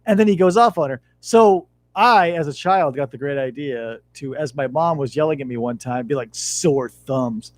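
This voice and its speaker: Speaking at normal speed with hardly any pauses, a high-voiced man in his thirties hosts a podcast with no room sound. He tells stories in an animated, casual chat packed with profanity.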